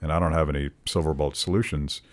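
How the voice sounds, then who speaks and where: A male host with a very low voice leads a relaxed interview conversation. He speaks in a measured, reflective way and pauses on fillers now and then.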